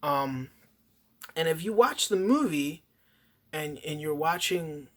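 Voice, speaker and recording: Man, bright edgy tone, foul-mouthed rambling movie reviewer, casual vlog delivery. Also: on the high side, lively intonation, slow. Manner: profane, ranting, heavy swearing; rambling with frequent restarts.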